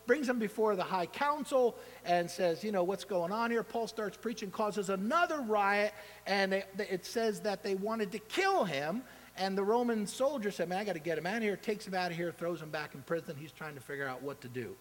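A male pastor with a high, lively voice that leaps up and drops low as he preaches. He acts out the people in his story with short dramatic voices. A long reverb trails after each phrase, like a large sanctuary. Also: moderate pace. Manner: animated, acts out quoted voices. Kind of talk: sermon.

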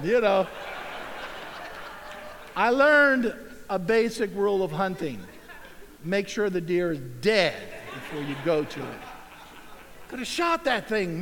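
Middle-aged man, folksy and animated storyteller addressing a crowd, high-pitched voice, long reverb from a big hall. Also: measured pace, long pauses, slight background noise. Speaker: speaker at an event. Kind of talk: storytelling talk to a live audience. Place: large hall with an audience.

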